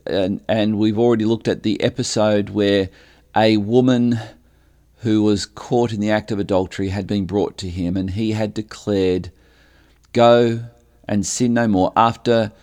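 A man preaching a sermon, speaking slowly and deliberately and lifting his voice on quoted lines. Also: lowish voice, a little mellow. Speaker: pastor.

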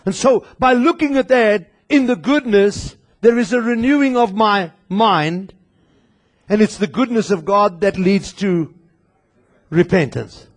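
A male pastor delivers an impassioned sermon in a church, speaking with a high voice at a measured pace. He addresses the congregation directly and at times raises his voice to a shout.

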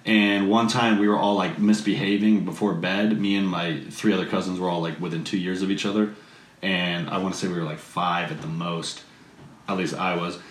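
A man casually telling a family anecdote, animated and full of "like", often leaping into high voices to quote people. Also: normal speed. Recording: roomy echo.

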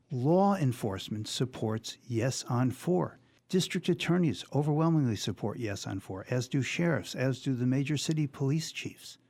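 A man's voice: medium pitch, darkish tone, breathy edge. Emphatic man making a legal case on radio. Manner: emphatic, measured, building. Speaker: radio host and civil liberties lawyer. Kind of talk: emphatic talk radio commentary.

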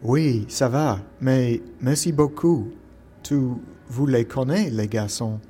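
A man voicing a young female British student who asks polite, earnest questions, his voice lifted a little higher for her. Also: slow pace, mellow, a little hiss or hum, lightly acted.

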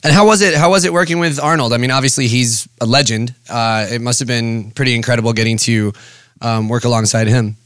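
An upbeat man hosts a casual interview, reacting warmly and asking easygoing questions. His voice is smooth and clear, recorded close and dry. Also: mid-range voice, steady tone, fairly quick, no room sound.

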